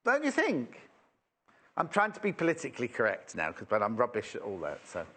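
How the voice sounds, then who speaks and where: A man's voice: medium pitch, huge pitch swings, brisk, a bit bright, husky. A man presenting fabrics live on a shopping channel, chatty and rambling as he exclaims over each one. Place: TV shopping studio.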